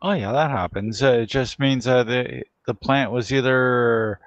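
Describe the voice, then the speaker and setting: A man's voice: mid-range voice, measured pace, no room sound, highs cut off. A man chatting casually in an easygoing way. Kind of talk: casual chat.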